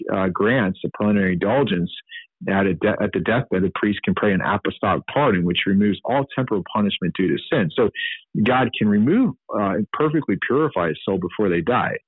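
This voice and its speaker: With a lowish, slightly breathy voice, this Catholic teaching podcast host gives unscripted commentary. He talks earnestly and spontaneously, often restarting and using fillers, over dry, phone-like audio with no echo.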